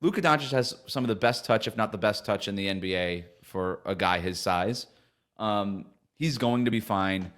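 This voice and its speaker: A man with a low, even voice co-hosts a casual basketball podcast. He walks through numbers and teams at a steady, conversational clip, breaking into easy laughter now and then. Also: moderate pace. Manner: analytical, laughs easily. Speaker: podcast co-host. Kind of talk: casual sports podcast chat.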